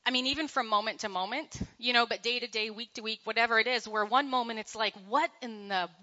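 Middle-aged woman leading a casual Bible study, bright and lively, acts out quotes, slightly muffled recording. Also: a little high, fast. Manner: chatty, animated, laughs often, acts out quotes. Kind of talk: casual church talk to a group.

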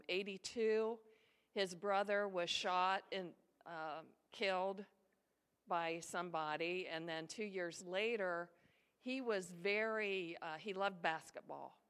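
Woman, smooth resonant voice, conversational testimony storyteller who acts out quotes; long hall reverb. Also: fairly low pitch, a bit bright. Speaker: ministry volunteer sharing a testimony.

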